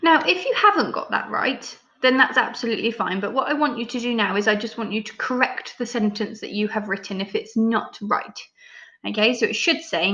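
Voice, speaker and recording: A woman teacher with an English accent, leading a recorded phonics lesson for young children, sounding out each letter slowly and praising often. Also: fairly high pitch, lively intonation, pushed and bright, slight background noise. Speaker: primary school teacher. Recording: slightly dull lo-fi recording.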